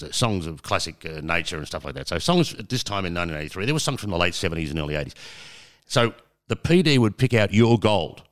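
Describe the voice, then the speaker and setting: A man in his fifties with an Australian accent, a former radio presenter telling long rambling anecdotes with restarts and the odd swear word. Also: sits low. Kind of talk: casual storytelling interview.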